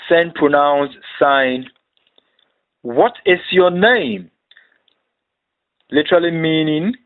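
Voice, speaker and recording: Guy teaching a language lesson real slow, kinda high voice, sounds like it's over a phone line. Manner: reads each phrase then repeats it slowly. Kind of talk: slow instructional narration.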